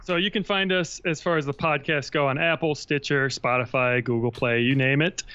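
Man, podcast guest, matter-of-fact, smooth voice, dry dull remote line. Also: on the high side, steady tone, moderate pace, sharp tone, no echo. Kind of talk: casual podcast chat.

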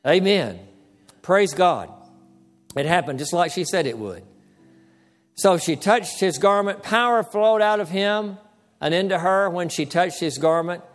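A man preaching a sermon as pastor, calling for amens and slowing down to stress key words. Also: high-pitched, animated, big-room sound, soft background music.

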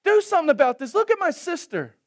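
A shrill, indignant woman, put on by a male preacher, who is worn out from serving and makes demands. Her pitch shoots up high and swings widely. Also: big pitch swings, quick pace, no room sound, clean studio sound. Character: exasperated overworked woman complaining to her master.

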